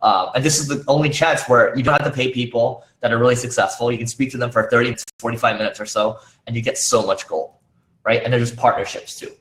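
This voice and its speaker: Speaking fast in a mid-range, fairly bright voice with fairly even intonation, a man gives an informal conference talk. Many fillers and restarts break up his speech, his worn voice is fading, and the room adds a noticeable echo.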